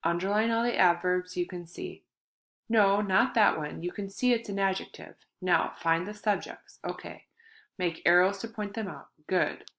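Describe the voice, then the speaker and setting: Lady reading as a grumpy old grandpa ghost, teasing and bossy, lowish voice, storybook read. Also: normal speed, a bit bright. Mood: coaching. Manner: gruff, mocking, bossy coaching. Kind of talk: audiobook character voice.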